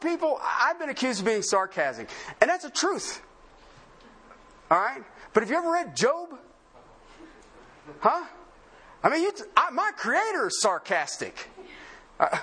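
A man's voice: high-pitched, bright, forceful tone, breathy edge. A man preaching a sermon in a conversational, sarcastic way, full of rhetorical questions. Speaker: pastor.

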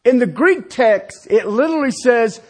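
A man's voice: extremely high pitch, expressive, moderate pace. A man preaching a sermon, emphatic and full of rhetorical questions, often stopping to check in with his listeners. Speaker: pastor.

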